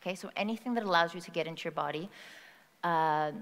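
A woman's voice: on the low side, fast, a bit bright. A woman giving a motivational talk on stage, speaking conversationally and asking the audience questions. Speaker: speaker at a personal-growth conference. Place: stage in a large hall. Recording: long reverb of a large hall.

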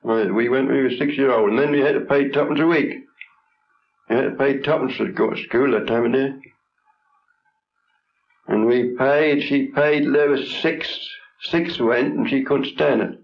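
A man's voice: medium pitch, normal speed, slight background noise. Old country fella in his 70s, blunt short phrases, muffled old film sound. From England. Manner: plain-spoken, blunt, in short broken phrases. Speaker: traditional folk singer. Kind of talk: reminiscing in an interview.

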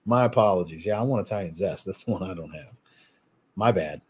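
A man hosting a casual livestream, reading viewer comments aloud and answering them in a relaxed way. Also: deep voice, fast talker, a little hiss or hum. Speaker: fragrance livestream host.

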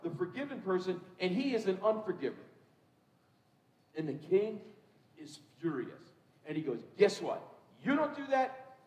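A man preaching a sermon as pastor, telling stories with lively quoted voices and often repeating words as he thinks. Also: high-pitched. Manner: animated storytelling, acts out quotes, repeats words when thinking. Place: church sanctuary. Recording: roomy hall, voice from a distance.

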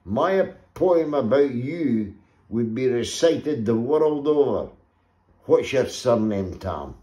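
A man's voice: mid-range voice, lively intonation, takes it slowly, dark tone. A man putting on a pompous Scottish poet. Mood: boastful. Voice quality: grand and declaiming. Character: pompous self-important male poet. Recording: echoey room.

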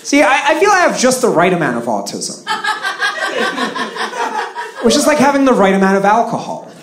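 A man's voice: sits high, wildly swooping pitch, moderate pace, a crowd in the background. A man from Russia performing live stand-up comedy with a dry, sarcastic delivery. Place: stage in a live comedy venue. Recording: roomy live venue with audience noise.

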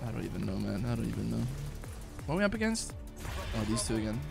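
Excitable man streaming a game. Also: lowish voice, fast talker, gravelly. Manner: excitable, swearing, bursts of shouting and laughter. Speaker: gaming streamer. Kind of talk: casual live-stream chat over gameplay. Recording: faint music behind.

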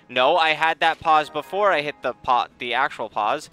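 A man's voice: fairly high pitch, normal speed, bright, forceful tone. A young man giving exasperated, sarcastic let's play commentary, muttering at the game as he plays. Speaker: gaming channel host.

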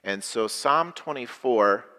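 A man's voice: mid-range voice, lively intonation, bright, forceful tone. A man preaching as a pastor in a simple worship service, speaking in plain words and leading the congregation in call-and-response lines. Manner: slow, simple phrasing with call-and-response prompts. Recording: echoey hall with long reverb.

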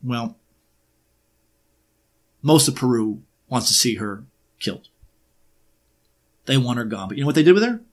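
A man presenting an unscripted history monologue, emphatic and sarcastic, often pausing on uh and um while he builds his points. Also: mid-range voice, lively intonation. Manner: emphatic, with sarcastic rhetorical questions; frequent hesitations with uh and um.

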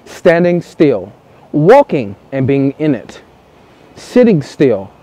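A man speaking a little high for his sex but with a mellow, dark tone. He coaches earnestly in a vlog monologue, repeating his key points and swearing casually. He is recording outdoors in the cold. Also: very animated, slow pace. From United States. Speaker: dating coach.

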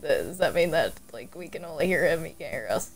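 A woman's voice: deep voice, animated, fairly quick, soft background music. A woman playing a flustered, nerdy young woman who stammers and giggles in a casual roleplay. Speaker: roleplay player.

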